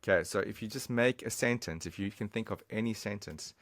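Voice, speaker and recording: A man's voice: lowish voice, fairly quick, fairly bright tone, no echo, studio quality. A man giving a casual, chatty online language lesson, talking straight to the viewer. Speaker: language teacher.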